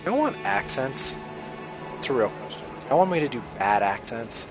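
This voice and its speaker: A young man plays a game and chats casually to viewers, giving gameplay commentary over music. His medium-pitched voice moves at normal speed, and he's chatty and excitable, calling his audience "y'all."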